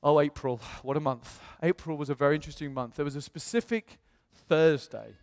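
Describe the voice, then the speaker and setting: A man from the United Kingdom preaching in a church, telling his story in a chatty, animated way with self-quotes. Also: fairly high pitch, brisk. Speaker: pastor. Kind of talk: storytelling sermon. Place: church hall. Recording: long church-hall reverb.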